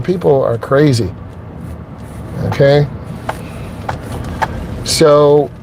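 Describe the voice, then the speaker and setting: A middle-aged driving instructor with a voice on the high side talks earnestly to his viewers while driving his truck. Emotionally shaken, he repeats his points and keeps checking in with "okay?", with background noise audible.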